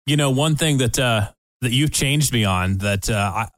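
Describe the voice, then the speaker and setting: A man's voice: medium pitch, normal speed, fairly bright tone, dry recording, clean studio sound. A man co-hosting a talk show, chatting casually and laughing along with the host. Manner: easygoing, laughs along, chimes in with short comments. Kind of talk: casual chat.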